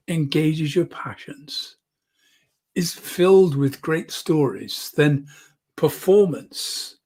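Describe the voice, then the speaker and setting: A man's voice: fairly high pitch, animated, drawn-out words, pauses often, a little mellow. A man teaching public speaking in an online lesson, demonstrating shifts in volume and emphasis close to the microphone. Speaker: speaking coach. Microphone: close microphone, moves in and out.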